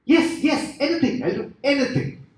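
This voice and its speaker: A man voicing a frantic, panicking man who pleads for rescue in a high, shrill voice. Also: expressive, moderate pace. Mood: desperate. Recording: echoey hall from far off.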